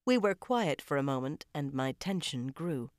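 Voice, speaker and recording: A low-voiced woman reading a first-person thriller aloud, tense and dramatic. Her delivery is close and controlled. The recording is very dry, with no room sound. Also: expressive, normal speed, no room sound. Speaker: audiobook narrator. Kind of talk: first-person audiobook narration.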